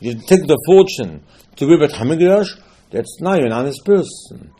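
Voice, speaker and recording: Husky-voiced man teaching Torah. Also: on the high side, lively intonation, normal speed, mellow. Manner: emphatic, repetitive, switching between English and Hebrew quotes. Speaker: rabbi. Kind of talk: Torah lesson.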